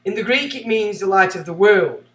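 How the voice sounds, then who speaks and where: A man hosting a livestream, reading a book aloud and breaking off into rambling, excitable asides. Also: high voice, moderate pace, reverberant. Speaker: livestream host.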